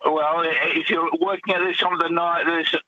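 A man's voice: fairly high pitch, little pitch movement, moderate pace, bright, forceful tone. A man, calling in to a radio quiz in an easygoing way. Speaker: caller. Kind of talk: phone-in chat. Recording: tinny phone line.

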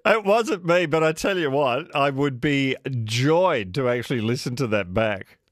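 Lively radio host, dry studio sound. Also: male voice, mid-range voice, measured pace, no room sound. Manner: chatty, laughs often. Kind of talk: warm casual on-air chat with callers.

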